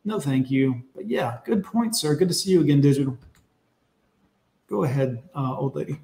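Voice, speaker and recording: A man's voice: fairly high pitch, lively intonation, moderate pace, dark tone, roomy sound. Blunt, profane male streamer. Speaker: streamer reacting to clips and chat. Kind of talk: casual live-stream commentary.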